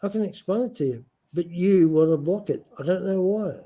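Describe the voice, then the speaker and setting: A man's voice: high-pitched, brisk, warm tone. A man with a non-American English accent, lecturing insistently in a heated casual argument and repeating his points.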